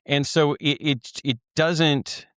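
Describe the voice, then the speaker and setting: Guy hosting a podcast, clean smooth voice, no room sound, calm reflective. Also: fairly high pitch, takes it slowly, no room sound, studio quality. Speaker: podcast host. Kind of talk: casual chat.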